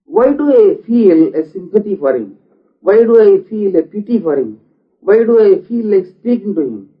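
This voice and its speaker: A man's voice: sits high, very animated. Man lecturing in a dull lo-fi recording. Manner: deliberate, asks rhetorical questions. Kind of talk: philosophical lecture.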